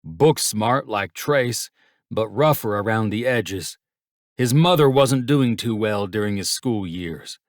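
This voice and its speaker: An older father drawls his words slowly in an audiobook, with a gritty, unhurried edge, as a man puts him on. The voice is pitched a little above the reader's own low tone. The sound is close and dry, with no room around it. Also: animated, dry recording. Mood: hushed, sad. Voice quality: slow drawl. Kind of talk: audiobook character voice.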